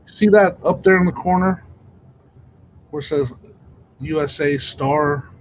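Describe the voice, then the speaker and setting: A man's voice: fairly high pitch, measured pace, slight background noise. Chatty man, dull lo-fi sound. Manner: storytelling, laughs mid-sentence. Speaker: reseller and livestream co-host. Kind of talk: casual chat.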